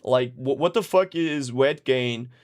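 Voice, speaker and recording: A relaxed male mix engineer chats casually while answering viewer questions, swearing freely and dropping into lively storytelling. His voice sits at an ordinary middle pitch. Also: a little slow. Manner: laid-back, profane, animated storytelling. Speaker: music producer and mix engineer. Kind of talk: casual livestream Q&A.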